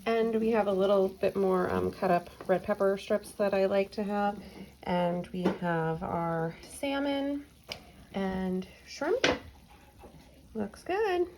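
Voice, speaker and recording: A woman's voice: mid-range voice, slow pace, noisy background. Chatty woman narrating a home cooking vlog. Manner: chatty, relaxed, with laughs and fillers. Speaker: homestead cooking vlogger. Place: home kitchen, indoors.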